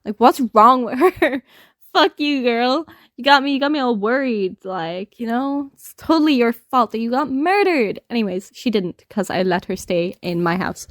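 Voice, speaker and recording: A woman's voice: a little high, animated, normal speed, no room sound. A young woman, hosting a podcast and telling a story in a casual, sweary, laughing way. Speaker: podcast host.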